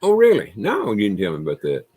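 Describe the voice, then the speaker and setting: A man's voice: on the low side, wildly swooping pitch, fast talker, darkish tone, no echo. A man in casual chat, reacting to a story with short interjections. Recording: distant mic with faint noise.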